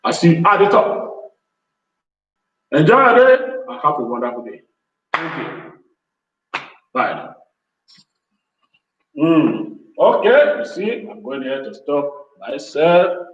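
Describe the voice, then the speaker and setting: A man's voice: a little high, very animated, takes it slowly, long pauses, fairly bright tone. Man exhorting, roomy and distant. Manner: exhorting, repetitive, pleading. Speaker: host of a business show. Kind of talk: motivational talk to viewers. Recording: distant, roomy, dull sound.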